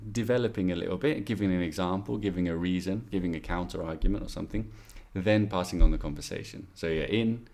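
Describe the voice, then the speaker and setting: A man's voice: low voice, a little mellow. A man teaching English in a chatty exam-prep video lesson, explaining with asides and demonstrations.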